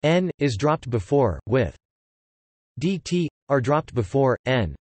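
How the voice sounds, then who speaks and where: A computer-generated man's voice reading an encyclopedia article, flat and even in delivery. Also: mid-range voice, takes it slowly, no room sound. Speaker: text-to-speech reader. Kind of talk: synthetic encyclopedia narration. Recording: dry, close synthetic audio.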